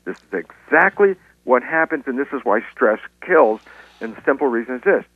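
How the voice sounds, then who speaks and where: A man speaking as a guest scientist in an interview, explaining in a lively lecturing way with stories and frequent restarts. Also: medium pitch, fairly quick, breathy edge, no echo. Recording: tinny phone-line sound.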